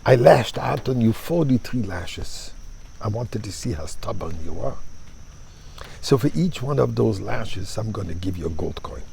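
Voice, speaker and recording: A man's voice: on the low side, expressive, normal speed, gravelly, mellow, slight background noise. A man voicing a harsh, vicious male baron in a spoken parable. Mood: gruff. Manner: accusing, blustering.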